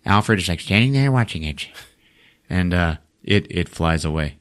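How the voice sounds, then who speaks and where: A man's voice: sits low, animated, moderate pace. A man hosting a podcast, casually retelling a movie plot in a loose, profane way and laughing often. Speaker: podcast host.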